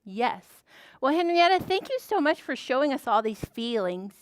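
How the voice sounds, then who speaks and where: Librarian lady doing preschool story time, high bright voice, dry close sound, lots of gasps. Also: normal speed, dry recording. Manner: animated, gasping, sing-song to children. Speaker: children's librarian.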